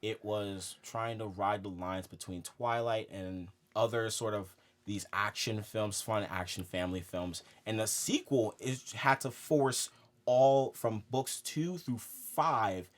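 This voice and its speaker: A young man co-hosting a casual film podcast, animated and laughing as he makes his points. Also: on the low side, slow pace. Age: young adult. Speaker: podcast co-host.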